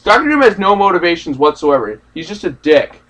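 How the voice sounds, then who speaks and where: Young man, casual rant, profane and rambling, higher voice, distant recording. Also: sing-song, a little fast, a bit bright. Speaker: movie reaction host. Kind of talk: casual ranting movie discussion.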